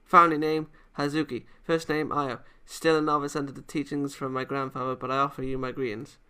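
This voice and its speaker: A man's voice: medium pitch, level tone, brisk, pushed and bright, clean tone. A man voicing a blunt, boyish young female karate fighter who scolds and gets flustered. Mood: formal, solemn. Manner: scolding, flustered, calls people idiot.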